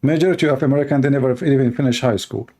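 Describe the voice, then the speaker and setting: A man's voice: mid-range voice, very fast, dark tone. A man with Arabic as his first language, giving scornful, heated commentary on a video clip in broken English.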